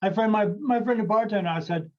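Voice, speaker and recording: Guy with a high voice rambling thru a story, lots of uh and restarts, dull lo-fi sound. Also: fast talker, a little hiss or hum. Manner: rambling, many fillers and restarts, acts out quoted voices. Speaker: podcast host, medium. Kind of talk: casual storytelling chat. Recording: dull lo-fi audio.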